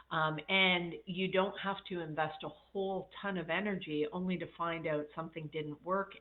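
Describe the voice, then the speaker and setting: A woman life coach on a casual livestream, telling reflective stories with many fillers and a slightly congested voice. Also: low-pitched. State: slightly congested, coughing after illness. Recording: tinny phone-like audio.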